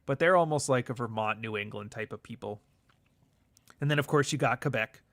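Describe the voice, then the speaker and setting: A man's voice: mid-range voice, a little fast, a bit bright, dry recording. A man from Canada chatting casually on a livestream, rambling and profane, reading out chat comments as he goes. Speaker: livestream host.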